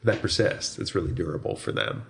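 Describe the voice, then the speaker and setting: A man's voice: low voice, sing-song, fast, gravelly, a little hiss or hum. A man talking as a guest author in an interview, reflective and searching for words, correcting himself as he goes. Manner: thoughtful, searching phrasing with self-corrections.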